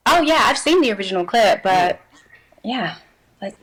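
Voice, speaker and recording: A woman's voice: mid-range voice, expressive, moderate pace, fairly bright tone, slight background noise, poor audio. A woman being interviewed on a casual livestream, playful and evasive, often laughing. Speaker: guest actress.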